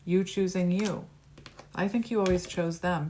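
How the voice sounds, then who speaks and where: Lower-pitched woman reading tarot. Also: steady tone, unhurried, darkish tone. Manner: reflective, musing, card by card. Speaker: tarot reader.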